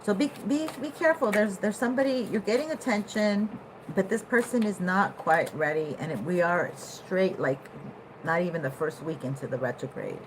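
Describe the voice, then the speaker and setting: Woman, lower voice, chatty tarot reader, swings between hushed musing and loud laughing outbursts; faint room hum behind. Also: normal speed. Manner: animated, laughing, swings from low musing to loud excited bursts. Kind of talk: casual tarot reading to camera.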